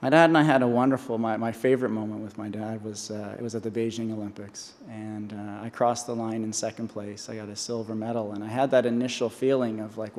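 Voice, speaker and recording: A man's voice: lowish voice, steady tone, a little fast, few pauses, a little mellow, a little hiss or hum. A man in his forties giving an earnest commencement speech from a podium, often restarting and repeating himself. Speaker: honorary doctorate speaker. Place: large convocation hall. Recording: long hall reverb.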